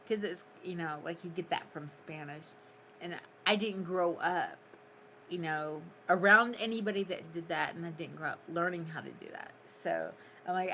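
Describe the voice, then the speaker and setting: A woman's voice: on the low side, animated, moderate pace, pushed and bright, slight background noise. A woman livestreamer telling a rambling story in casual chat, laughing often as she talks.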